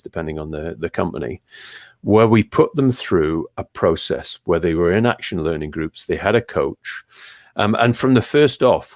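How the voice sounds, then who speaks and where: A very deep-voiced man talks as an interview guest, telling his stories with lively swings in pitch and pace. His voice sounds close and dry, with no room around it. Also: no room sound. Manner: animated storyteller, lively pitch jumps and pace shifts. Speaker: guest, leadership trainer. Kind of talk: conversational interview.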